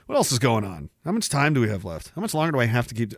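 A man's voice: medium pitch, big pitch swings, racing, breathy edge, no room sound, studio quality. A man hosting a livestream podcast, ranting sarcastically with a lot of swearing and frequent laughs. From Canada. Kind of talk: profane ranting chat with viewers.

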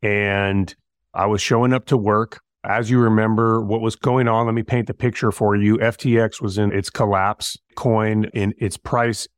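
A middle-aged man, a firefighter guest, telling stories in a relaxed, slangy way and acting out bits of dialogue. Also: fairly low pitch, moderate pace, no room sound, clean studio sound. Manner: laid-back, slangy, acts out dialogue. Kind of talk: casual storytelling interview.

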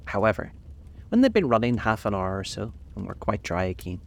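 Man reading a storybook, measured and gentle, gravelly voice, faint hiss. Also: fairly low pitch, big pitch swings. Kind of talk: storybook narration.

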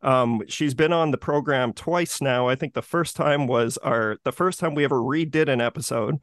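A man's voice: mid-range voice, moderate pace, dry recording, studio quality. A man co-hosting a horror movie podcast, chatting casually with many fillers and restarts. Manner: relaxed, rambling, many fillers. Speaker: podcast co-host. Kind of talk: casual chat.

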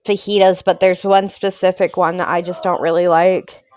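Low-voiced woman, dry close sound. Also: flat delivery, normal speed, darkish tone, no room sound. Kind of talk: casual morning show chat.

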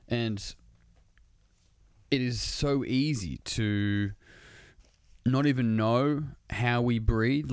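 Man with a smooth, resonant voice; earnest, laid-back talk with some swearing, recorded dry. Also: mid-range voice, dry recording. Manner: earnest, casual, swears freely. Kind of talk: casual motivational monologue.

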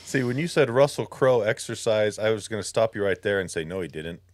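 A man's voice: lowish voice, brisk, no echo, studio quality. A man co-hosting a podcast, joking in casual chat. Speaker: podcast co-host.

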